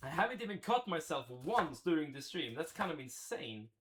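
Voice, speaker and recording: A man's voice: on the high side, sing-song, moderate pace, noisy background. Chatty man cooking on a livestream. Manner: chatty, thinks aloud, answers chat. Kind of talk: casual live commentary while cooking. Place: home kitchen.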